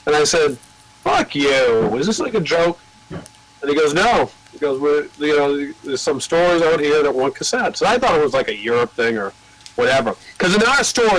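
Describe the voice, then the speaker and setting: A man's voice: fairly high pitch, lively intonation, moderate pace, fairly bright tone, low-quality recording. An older American man who owns a record label, telling long rambling anecdotes with swearing and acting out the voices of the people he quotes. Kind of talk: casual storytelling.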